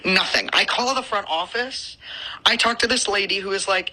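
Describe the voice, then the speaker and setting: A woman's voice: mid-range voice, moderate pace, bright, forceful tone, poor audio. A podcast co-host, a woman, venting about a frustrating situation in a furious, profanity-heavy storytelling rant.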